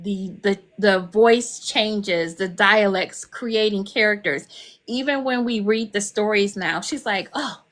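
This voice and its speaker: An older woman, an author guest, chatting casually and acting out the people in her stories. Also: mid-range voice. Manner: animated storyteller, acts out quotes. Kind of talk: casual chat.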